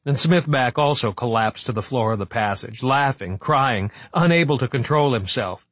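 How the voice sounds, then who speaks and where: A man reading a suspense novel aloud in a measured, steady narrating voice. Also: medium pitch, no echo. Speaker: audiobook narrator. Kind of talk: scripted narration.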